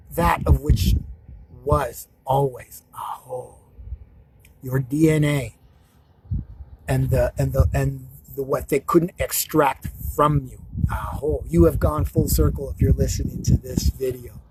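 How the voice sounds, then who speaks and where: A man giving a slow, repetitive, chant-like spiritual monologue to camera, with an emotional way of talking. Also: medium pitch, darkish tone, a little hiss or hum, rough recording. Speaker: spiritual healer. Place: outdoors.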